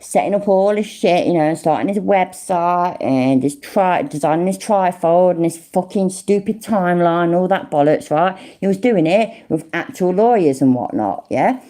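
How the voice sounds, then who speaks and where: A woman's voice: lowish voice, normal speed, hardly any pauses, warm tone. A woman with an English Midlands accent, doing rambling, sarcastic, sweary livestream commentary. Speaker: streamer.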